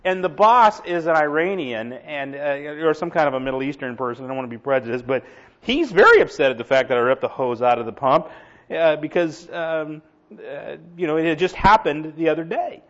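Animated high-voiced male preacher, lo-fi. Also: brisk. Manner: animated, laughing, acts out quoted voices. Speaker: pastor. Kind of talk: storytelling sermon. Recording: dull lo-fi recording.

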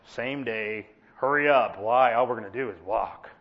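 A man preaching a sermon in an animated, sarcastic, self-mocking way. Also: medium pitch, moderate pace. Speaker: pastor. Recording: dull lo-fi sound.

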